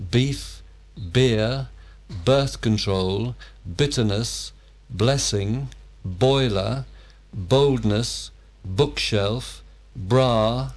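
Male word-list reader: very slow, careful, one word per breath. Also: mid-range voice. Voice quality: measured, careful enunciation. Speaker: vocabulary reader.

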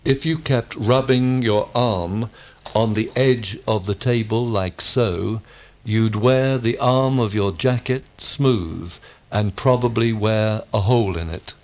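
Low-voiced man reciting drill answers. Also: slow. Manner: steady, full-sentence recited answers. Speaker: model student.

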